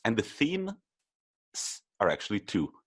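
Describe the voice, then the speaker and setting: Husky, deep Italian man hosting. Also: huge pitch swings, unhurried. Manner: playful, quizmaster teasing. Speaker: podcast co-host. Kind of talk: casual football podcast chat.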